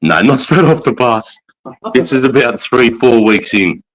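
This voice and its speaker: A man's voice: mid-range voice, lively intonation, a little slow, poor audio. An Australian man hosting a casual livestream chat, telling army stories in a blunt, profane way. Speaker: host, army veteran.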